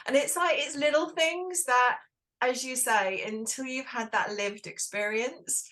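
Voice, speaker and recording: A middle-aged woman, a guest on an interview podcast, animated and playful as she tells stories. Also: on the high side, normal speed. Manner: lively, animated storyteller, playful. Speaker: guest, wellness entrepreneur. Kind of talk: casual interview chat.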